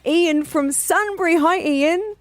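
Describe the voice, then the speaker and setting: A woman's voice: extremely high pitch, slow, no echo. A woman hosting breakfast radio, chatting effusively with callers. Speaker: radio host.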